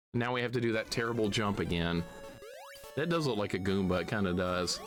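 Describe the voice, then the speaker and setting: A man's voice: on the low side, fairly bright tone. A man from Alabama giving live commentary on a retro game, swearing at it and chuckling often. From Alabama, USA. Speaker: streamer.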